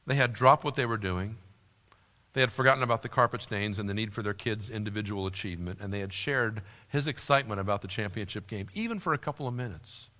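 A man preaching a sermon with earnest warmth, now and then acting out quoted voices with sudden jumps in pitch. His voice is bright and forceful. A long reverb trails after each phrase, as in a large hall. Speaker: pastor.

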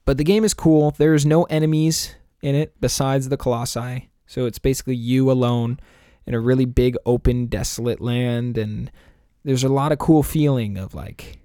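A man's voice: mid-range voice, fairly even intonation, moderate pace, dark tone, clear, resonant tone, no echo, studio quality. A man co-hosting a podcast, chatting casually and enthusiastically about video games, rambling and laughing often. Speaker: podcast co-host.

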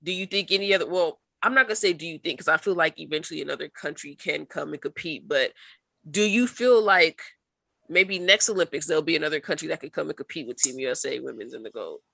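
A woman's voice: deep voice, fast, vocal fry, sharp tone, dry recording. A young woman co-hosting a sports podcast, chatting casually and rambling with playful laughs. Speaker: podcast co-host.

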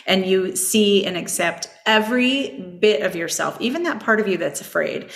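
A woman hosting a self-help podcast, speaking in a gentle, reflective and soothing way. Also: medium pitch, lively intonation, moderate pace, gravelly, echoey room. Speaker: podcast host and coach. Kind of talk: personal self-help talk.

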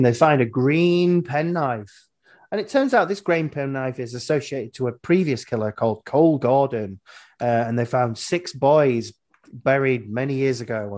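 A man hosting a podcast, recapping a horror film in rambling, wry casual chat and swearing freely. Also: medium pitch. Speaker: podcast host.

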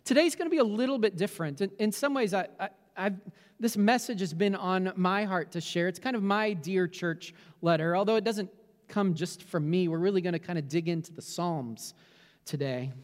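A man's voice: sits high, moderate pace, big-room sound. A middle-aged man, a pastor, praying and preaching earnestly, often repeating words as he restarts. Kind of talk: prayer and sermon. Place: church sanctuary with candles behind him.

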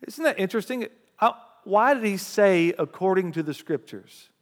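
Man, pastor, sermon, high voice, long hall reverb, emphatic scripture reading. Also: moderate pace. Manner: preaching with lively call-and-response asides; reads scripture aloud with rising emphasis.

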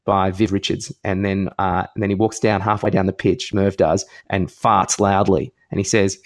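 A man's voice: low voice, level tone, moderate pace, hardly any pauses. A man co-hosting a podcast in casual banter, retelling jokes and acting out quoted lines with bursts of laughter. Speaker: podcast co-host.

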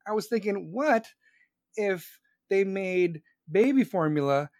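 This man hosts a live stream and unwinds a casual, profane rant that's crude, sarcastic, and full of tangents. He takes it slowly but stays animated, with a voice a bit high for a man and a darkish tone. The recording is dry and close, without room sound.

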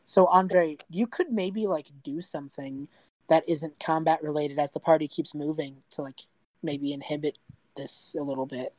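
A young woman runs a tabletop game, narrating casually and rambling through fillers. Her voice sits on the low side. The recording is dry and close, with almost no room sound. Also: steady tone, moderate pace, a little mellow, dry recording. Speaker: game master.

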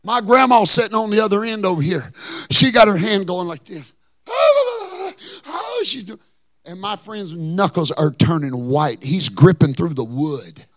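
A hoarse male pastor, telling a story in a sermon and building to shouted preaching in a church. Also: high-pitched, moderate pace, no room sound. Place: church sanctuary.

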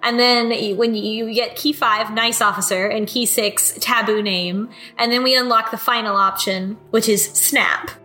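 A woman co-hosting a relaxed podcast, walking through a game's story with plenty of laughter and casual swearing. Her voice sits a little high and rings bright and forceful. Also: moderate pace, few pauses, soft background music. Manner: laughing, loose recapping with swearing. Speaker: podcast co-host. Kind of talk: casual chat recapping a video game.

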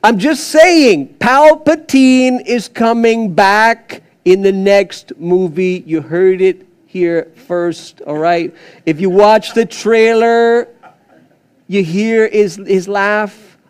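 A man preaching a sermon as pastor, telling a story in an animated, rambling way with many fillers and restarts. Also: sits high.

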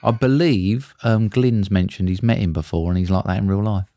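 A man's voice: fairly low pitch, normal speed, mellow, no room sound, clean studio sound. A man, bluntly ranting in a casual chat between podcast co-hosts, swearing often.

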